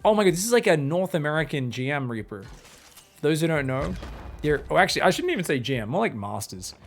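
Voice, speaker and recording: A man giving excitable live commentary on an esports match, breaking into sudden high exclamations. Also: brisk, soft background music. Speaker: esports caster.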